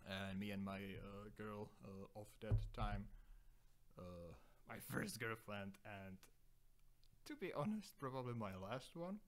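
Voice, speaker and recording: A man's voice: fairly low pitch, expressive, slow, a little hiss or hum. A young man hosting a solo podcast, rambling through profane, self-deprecating digressions. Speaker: podcast host.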